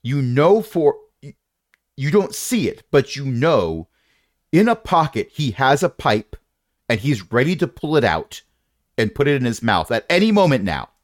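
A man's voice: medium pitch, big pitch swings, unhurried, no room sound, studio quality. Playful man narrating as game master. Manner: playful, rambling descriptions with asides.

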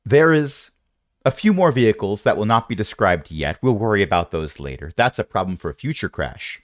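A man's voice: on the low side, very animated, a little fast, no echo, studio quality. A man narrating a tabletop game as game master, with playful, rambling descriptions and asides.

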